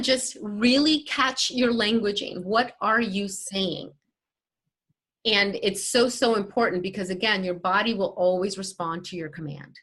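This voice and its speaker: A woman's voice: medium pitch, a bit bright, husky. Emphatic woman life coach. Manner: emphatic, acts out quoted inner voices. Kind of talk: motivational interview talk.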